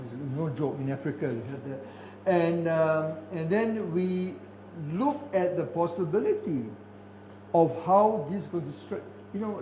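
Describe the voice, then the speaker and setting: A man's voice: high voice, dark tone, a little hiss or hum. An older man gives a conference keynote, speaking emphatically and often repeating or restarting words. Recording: echoey hall with faint ambience.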